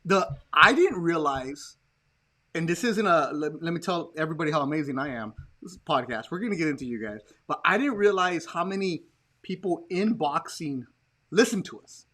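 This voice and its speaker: A man hosting a casual podcast chat, telling stories in an animated way and acting out the people he quotes. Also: on the high side, fairly quick. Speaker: podcast host.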